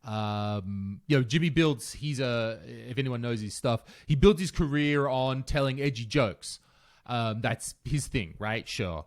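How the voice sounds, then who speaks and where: Male podcast co-host, casual and animated storyteller, mid-pitched voice. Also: measured pace. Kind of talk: casual chat.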